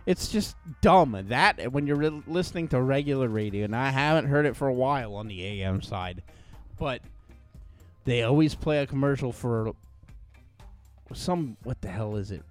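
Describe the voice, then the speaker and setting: A man co-hosting a podcast, rambling and ranting with lots of profanity in casual chat. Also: mid-range voice. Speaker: podcast co-host.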